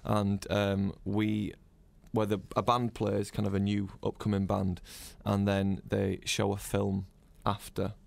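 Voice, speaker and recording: A man's voice: fairly low pitch, completely flat delivery, takes it slowly, vocal fry, few pauses, a little mellow. A northern English man in a band, chatting as an interview guest and telling stories with lots of restarts. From northern England. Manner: chatty storyteller, rambling with many restarts. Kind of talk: casual interview chat.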